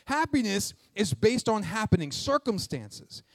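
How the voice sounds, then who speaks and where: A man, a pastor preaching a sermon to his church with lively call-and-response questions. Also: dry recording. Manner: jokes aside in a quiet, quick low voice. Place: church sanctuary with congregation.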